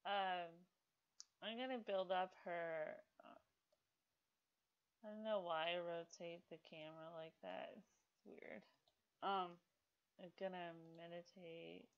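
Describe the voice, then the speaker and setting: Slow-talking woman rambling over gameplay. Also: on the low side, fairly even intonation, clear, resonant tone, dull audio. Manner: rambling with many fillers, scolds game characters aloud. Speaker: gaming video host. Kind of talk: casual gameplay commentary.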